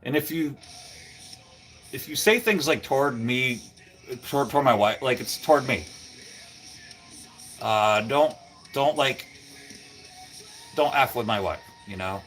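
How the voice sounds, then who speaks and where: A man's voice: mid-range voice, expressive, a little slow, pauses often, a bit bright, soft background music. A man hosting a casual livestream from a cold garage, rambling and greeting viewers by name. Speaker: livestream host. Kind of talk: casual live-stream chat with viewers.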